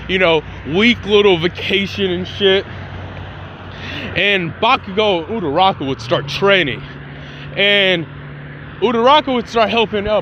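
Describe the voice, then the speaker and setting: Brief: young-sounding man spinning a fan story off the cuff, slangy and profane, high bright voice. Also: dull audio, a little hiss or hum. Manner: rambling, slangy, profane, full of restarts. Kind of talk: casual improvised fan-fiction retelling.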